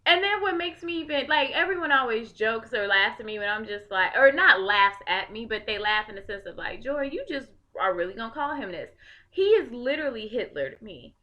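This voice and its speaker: A woman's voice: on the high side, expressive, fairly quick, hardly any pauses, pushed and bright. A young woman from Chicago giving an impassioned, blunt political rant to the camera and swearing freely. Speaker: video blogger.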